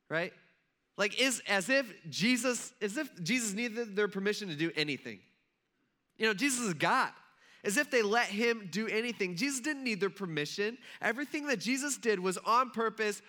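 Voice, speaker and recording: A man preaches in a relaxed, chatty storytelling way, slipping into the voices of the people in the story. His voice sits high and sounds bright and forward. He talks loosely, with many small fillers. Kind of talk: casual storytelling sermon.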